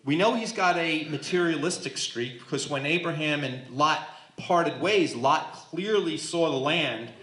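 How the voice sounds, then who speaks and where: A man leading a Bible study as pastor, teaching in an animated way and acting out the voices in the text to his group. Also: on the high side, a little slow. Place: church hall with a small group. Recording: echoey room.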